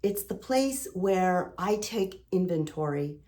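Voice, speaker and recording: Speaking slowly in a fairly low, dark, expressive voice, a middle-aged woman vlogs an emotional, earnest motivational message. As a lifestyle vlogger, she leans on sailing metaphors and repeats phrases to drive points home.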